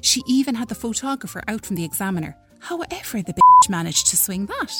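A woman voicing a spiteful woman caller, snide and quick. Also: a little high, wildly swooping pitch, bright, forceful tone, husky, soft background music, full character voice.

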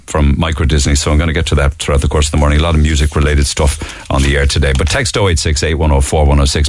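A deep-voiced man with a Cork Irish accent hosting a morning radio show. He runs through the papers in a chatty, conversational way, with plenty of asides to listeners. His pitch rises and falls freely, and the sound is dry and close. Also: dry recording. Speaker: radio host.

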